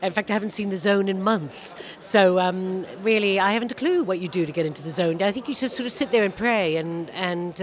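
A woman talks with dry, self-mocking humour, hedging with little fillers and light laughs. Her pitch sits in a middle range. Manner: wry, self-deprecating, chuckling asides. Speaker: author guest. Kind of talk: casual interview answers.

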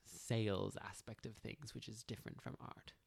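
A man's voice: lowish voice, fairly even intonation, moderate pace, creaky, slightly rough. Hesitant, hedging young man. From outside the United States. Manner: hesitant, hedging, mildly formal. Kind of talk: improvised comedic banter.

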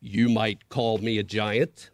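A vast, unseen creature speaks low and unhurried, deep and gentle, played by a man reading aloud. Every word is drawn out and measured, as in a storybook. The sound is dry and close to the mic. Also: little pitch movement, no room sound. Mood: calm.

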